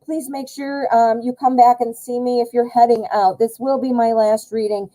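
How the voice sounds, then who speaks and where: A woman's voice: on the high side, flat delivery, moderate pace, few pauses, poor audio. Chatty American woman reading tarot live. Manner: chatty, warm to chat, many fillers and self-corrections. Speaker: tarot reader, live stream host.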